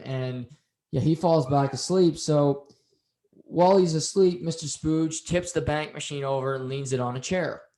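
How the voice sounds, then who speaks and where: A man co-hosting a podcast, casually recapping a TV episode and acting out the characters' lines as he tells it. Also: mid-range voice. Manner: animated storytelling, acts out quotes. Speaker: podcast co-host. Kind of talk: casual show recap chat. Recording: roomy echo.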